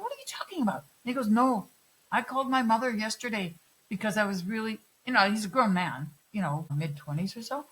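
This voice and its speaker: A middle-aged woman telling personal stories in a candid interview, animated and swearing freely as she acts out other people's lines. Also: mid-range voice, poor audio. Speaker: guest. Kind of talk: candid conversational storytelling.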